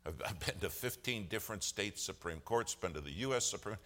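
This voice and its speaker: A man, a lawyer by trade, telling a story in a sermon. He acts out the other people's lines with humor and gets loud at key moments. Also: fairly low pitch, fairly quick. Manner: animated storyteller, acts out quoted voices with humor. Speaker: lawyer giving a testimony.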